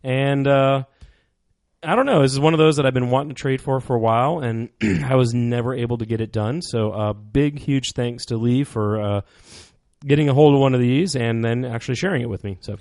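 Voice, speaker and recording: A man's voice: mid-range voice, a little fast, a little mellow, dry recording, studio quality. A man co-hosting a casual beer podcast, rambling and hesitating with many fillers. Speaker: podcast co-host.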